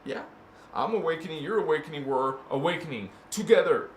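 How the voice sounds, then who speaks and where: A man hosting a casual spiritual talk to camera, playful and slangy, swinging between loud bursts and hushed murmurs and chanting made-up syllables. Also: a little high, animated, brisk. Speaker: spiritual channel host. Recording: echoey room with faint ambient noise.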